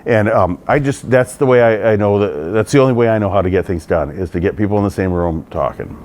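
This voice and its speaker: A man's voice: lowish voice, a little fast, darkish tone, slight background noise. A middle-aged man, a state legislator, answering interview questions in an earnest, conversational way.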